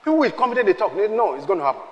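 A man, preaching a sermon with emphatic, shouted peaks and call-and-response with the congregation. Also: high voice, very animated, racing, long reverb tail, highs cut off. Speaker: pastor.

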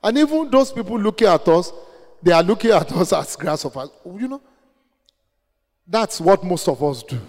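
A man's voice: sits high, animated, moderate pace, pauses often, darkish tone, big-room sound, rough recording. A man with a Nigerian accent preaching an interactive sermon, asking the congregation questions and then answering them himself. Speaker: preacher leading a Bible study.

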